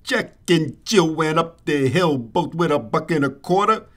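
A man's voice: on the high side, animated, measured pace, fairly bright tone. A man voicing a greedy, crude male cartoon hedgehog star in a brash, foul-mouthed comedic way. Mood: roasting.

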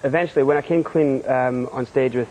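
Scottish man, halting TV interview guest. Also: mid-range voice, fairly even intonation, phone-quality sound, a little hiss or hum. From Scotland. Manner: hesitant, many fillers and quick laughs. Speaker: guest author. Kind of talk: studio TV interview. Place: TV studio.

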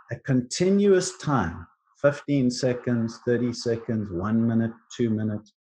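A man teaching on contemplative prayer in a gentle, earnest way, with frequent restarts. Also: medium pitch. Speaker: Christian teacher.

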